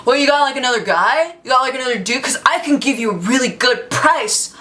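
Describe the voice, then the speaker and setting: A pushy young bus hustler, put on by a woman retelling the scene, repeating his pitch over and over. The voice stays close to her own, bright and edged. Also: animated, brisk. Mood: wheedling. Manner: insistent, repetitive sales pitch. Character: pushy young man peddling drugs on a bus.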